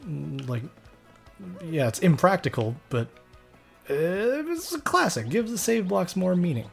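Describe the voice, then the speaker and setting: A man's voice: high-pitched, unhurried, vocal fry, darkish tone, husky, faint music behind. A man hosting a let's play, making dry, wry asides while he plays. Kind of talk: gameplay commentary.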